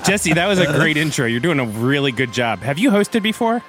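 A man's voice: a little high, very animated, brisk, fairly bright tone. A man co-hosting a podcast, trading teasing jokes in casual banter. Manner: teasing, jokey. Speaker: podcast co-host.

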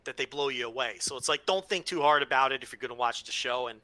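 Bright-voiced man in dry podcast chat. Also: mid-range voice, quick pace, no echo. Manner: opinionated, frequent restarts. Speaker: podcast co-host.

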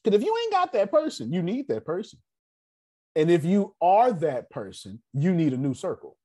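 A man leading a class in a casual, animated way, telling stories and talking straight to his audience. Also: sits high, normal speed. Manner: animated, digressive, addresses the audience directly. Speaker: class leader. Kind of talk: casual teaching and storytelling.

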